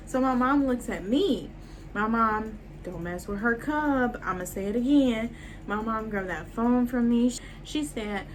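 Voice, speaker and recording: A woman's voice: on the high side, unhurried, slight background noise, poor audio. Young woman telling a storytime to camera. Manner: animated, talks straight to viewers. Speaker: vlogger. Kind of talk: casual storytime.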